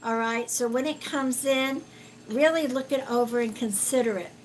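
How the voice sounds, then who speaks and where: A woman giving a live-stream card reading as a psychic, talking gently and haltingly with many fillers and calling viewers sweetheart. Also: fairly high pitch, background noise. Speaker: psychic reader.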